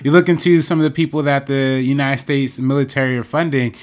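A man's voice: mid-range voice, steady tone, fairly quick. A man in casual chat, laid-back, agreeing a lot and stumbling over words.

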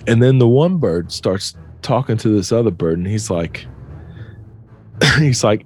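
A man's voice: fairly low pitch, animated, unhurried, long pauses, darkish tone, soft background music. A young man casually retelling a story to a friend, loose and profane, laughing often.

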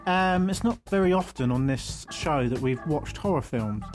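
A man's voice: a little high, lively intonation, moderate pace, darkish tone. A man records a rambling question for a podcast, with lots of ums and casual swearing. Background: guitar music.

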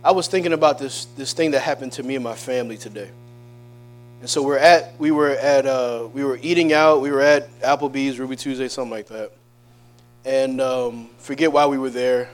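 A man in middle age delivers a relaxed, conversational sermon in a church. His voice sits fairly high, and he keeps checking in with the congregation, breaking into laughing asides between points. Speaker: evangelist preacher. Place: church sanctuary.

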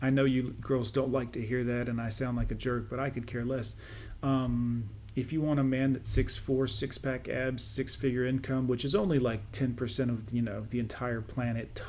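A man's voice: medium pitch, level tone, moderate pace, few pauses, darkish tone. Sarcastic man hosting reaction commentary. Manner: sarcastic, dismissive. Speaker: reaction video host. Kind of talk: commentary over played clips.

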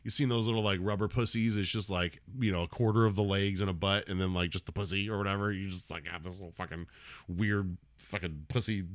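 A man's voice: sits low, fairly even intonation, fast talker, no room sound. A man in his thirties hosting a solo comedy podcast, ranting casually with lots of swearing and laughter. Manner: profane, rambling, laughs often.

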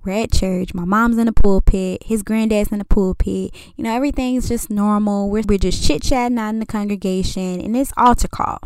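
A woman in her twenties telling a personal story casually, animated and acting out the dialogue. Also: medium pitch, brisk, hardly any pauses, clear, resonant tone, no room sound, clean studio sound. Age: 20s. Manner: lively and animated, acts out dialogue. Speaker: vlogger.

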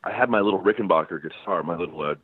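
A man with a very low voice tells loose, laughing stories as the guest musician, circling back and restarting his sentences. He comes through a dry, narrow, phone-like line. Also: very fast, husky, no echo. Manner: rambling, laughing storyteller with many restarts. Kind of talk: casual interview chat.

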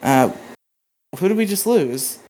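Teasing, crude podcast host, lively pitch. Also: unhurried, slight background noise. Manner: crude, teasing, laughs often. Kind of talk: casual podcast chat.

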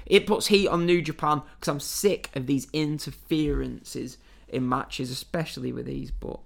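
A man's voice: fairly high pitch, vocal fry, a bit bright. A man from England giving a blunt, chatty review of wrestling matches, with lots of fillers and some swearing. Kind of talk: casual spoken review.

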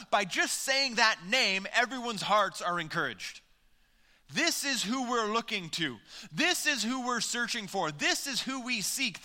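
A man's voice: sits high, sharp tone. A man preaching a sermon as pastor, talking conversationally and putting questions to the congregation. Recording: long hall reverb.

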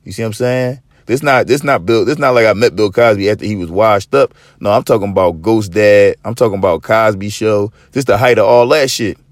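A man in his thirties or forties hosting a podcast, telling a story in casual chat with a profane, swaggering, animated manner. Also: on the low side, a little fast, few pauses, dry recording. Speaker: podcast host.

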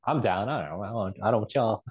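A man co-hosting a podcast, chatting in a relaxed way, laughing often and repeating words. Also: lowish voice, fast talker, husky. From Canada. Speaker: podcast co-host. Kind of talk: casual chat.

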